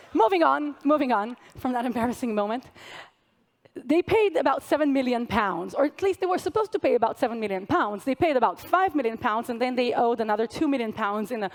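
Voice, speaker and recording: A young woman delivers a conference keynote in a fairly high voice. She keeps it conversational, throwing jokes and asides to the audience between her points. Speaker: keynote speaker. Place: large conference hall stage.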